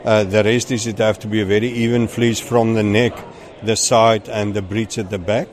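A man's voice: lowish voice, level tone, moderate pace. Methodical man judging goats outdoors. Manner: methodical, explaining point by point. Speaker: goat show judge. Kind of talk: interview answers.

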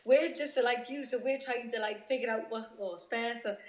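A woman's voice: on the high side, normal speed, echoey room, crowd noise. Welsh woman footballer on a call. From Wales. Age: 30s. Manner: hesitant, many restarts and fillers. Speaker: guest footballer. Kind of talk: remote interview chat.

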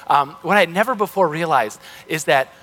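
A man's voice: on the high side, brisk, pushed and bright, long reverb tail. A male pastor giving a sermon in a loose, conversational way with frequent restarts, heard in a church. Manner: casual, conversational, self-correcting.

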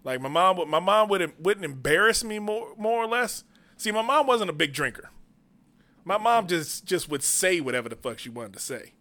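Bright-voiced, laughing podcast host man. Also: high-pitched, very animated, normal speed. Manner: laughing storyteller, loose and profane. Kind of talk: casual comedy podcast banter. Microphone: studio mic.

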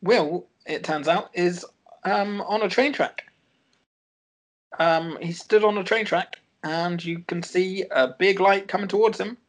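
A chatty man recapping a TV show episode, with a voice pitched a bit above average. He rambles between plot points and often breaks into giggles. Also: unhurried, rough recording.

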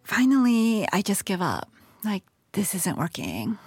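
Lively, chatty woman storyteller. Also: medium pitch, measured pace, slightly rough. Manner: chatty, full of "like" and restarts. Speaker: radio reporter telling her own story. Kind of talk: casual storytelling.

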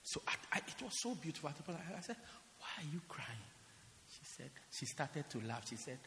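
A male pastor delivers his sermon in an emphatic, repetitive preaching style with a bright, ringing tone. His pitch swoops widely from low hushes to high peaks. The recording carries the long reverb of an echoey church hall. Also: very animated, fairly quick, a little hiss or hum. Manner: emphatic preaching, repeats phrases.

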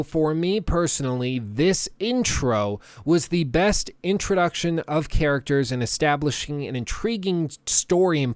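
Man, game review voice-over, smooth clear voice, dry close sound, conversational and opinionated. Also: a little high, dry recording. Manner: conversational and opinionated, with small restarts. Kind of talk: video game review commentary.

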